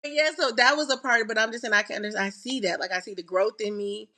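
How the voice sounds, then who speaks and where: A woman's voice: a little high, fairly even intonation, fast talker, bright, forceful tone. A woman co-hosting a casual chat, reflecting on her week and acting out what she told people.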